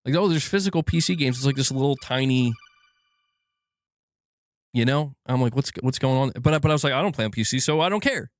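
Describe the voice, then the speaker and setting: A man's voice: medium pitch, lively intonation, a little fast, pauses often, dry recording, studio quality. Frustrated man ranting on a livestream. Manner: frustrated, swearing, many restarts and fillers. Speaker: gaming channel host. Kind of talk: casual livestream rant.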